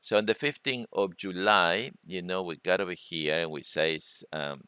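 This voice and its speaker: A man presenting a trading webinar, talking through charts in a halting way and often repeating words. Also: low-pitched, bright, forceful tone, smooth, dry recording. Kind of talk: screen-share trading lesson.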